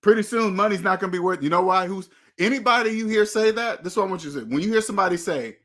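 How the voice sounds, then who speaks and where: A man's voice: high voice, rapid-fire, few pauses, fairly bright tone. A man hosting a motivational money talk, preachy and emphatic, driving points home with repeated questions. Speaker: host.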